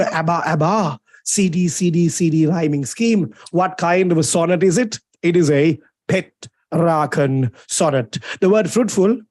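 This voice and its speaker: A young man with a Sri Lankan English accent giving an energetic live literature lecture, playful and teasing, stretching out key words for emphasis. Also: high-pitched. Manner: lively, playful and teasing, drawn-out dramatic emphasis.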